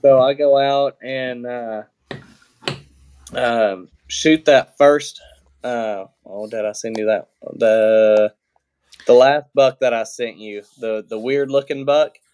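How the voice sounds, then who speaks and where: A man's voice: medium pitch, slow pace, clear, resonant tone. A man talking as a podcast guest, telling a story in a loose, plainspoken way with lots of fillers and restarts and the odd swear word. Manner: relaxed, plainspoken, swears casually. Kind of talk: casual storytelling.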